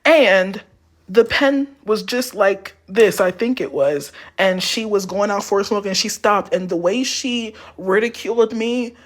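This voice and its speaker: A man's voice: sits high, unhurried, fairly bright tone. A man talks casually and at length to his stream. He rambles, circling back and stacking filler words as he goes. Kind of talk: casual livestream rant.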